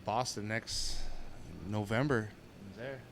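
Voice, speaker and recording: A man's voice: fairly low pitch, steady tone, slow, fairly bright tone, slight background noise. A man from Hawaii hosting a podcast, talking in a laid-back, profane, casual way. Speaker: podcast host.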